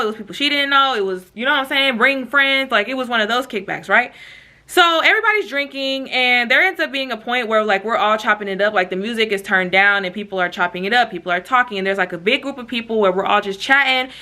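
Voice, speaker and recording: A young woman telling a storytime vlog in casual, slangy chat, with quick asides to her viewers. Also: fairly high pitch, sharp tone. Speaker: vlogger.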